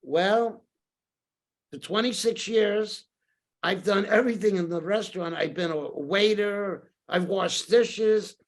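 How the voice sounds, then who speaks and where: In a high voice at a slow pace, an older New Yorker recounts stories as a podcast guest. The interview is casual, and he's an energetic anecdotal storyteller who acts out quoted exchanges.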